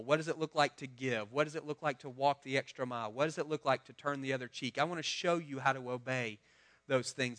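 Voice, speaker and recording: Bright-voiced man in his thirties preaching. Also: medium pitch. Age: 30s. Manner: conversational, asks the congregation questions. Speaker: pastor. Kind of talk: sermon.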